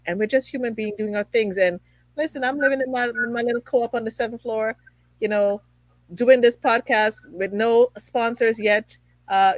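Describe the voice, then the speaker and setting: A woman's voice: mid-range voice, moderate pace, no echo, poor audio. A woman hosting a conversational interview show from her apartment, chatty and rambling, with many fillers. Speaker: show host. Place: home apartment.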